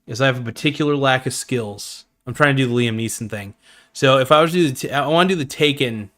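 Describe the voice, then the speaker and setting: A man's voice: medium pitch, fast, a bit bright. A man hosting a live stream, chatting casually in an enthusiastic, rambling and jokey way.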